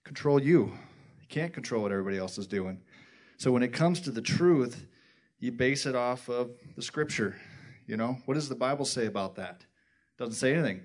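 A man speaking in a halting, rambling way in a casual church group discussion, often restarting his sentences. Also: mid-range voice, lively intonation.

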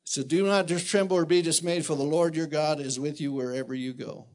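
A middle-aged man preaching a sermon, earnest and emotional, restarting sentences and quoting Scripture, shifting from quiet reflection to loud exhortation. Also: fairly even intonation, brisk. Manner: swings between soft reflective lows and loud exhortation.

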